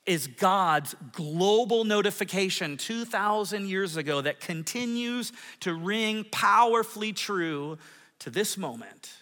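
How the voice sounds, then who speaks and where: A pastor in his forties preaching a sermon, telling self-mocking stories and polling the crowd. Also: high voice. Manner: lively, self-mocking storytelling with audience polls. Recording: long hall reverb.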